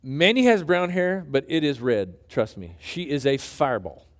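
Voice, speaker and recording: A man preaching a sermon as a pastor, telling a story with animated, joking, emphatic delivery. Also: fairly high pitch, moderate pace.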